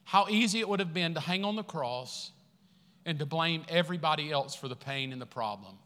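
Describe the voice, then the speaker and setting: Pastor guy preaching, bright forceful voice, tells stories and acts out quotes, reverb-y hall. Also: fairly high pitch, a little fast. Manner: animated storytelling, acting out quotes, laughing, then quiet and earnest. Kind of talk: sermon.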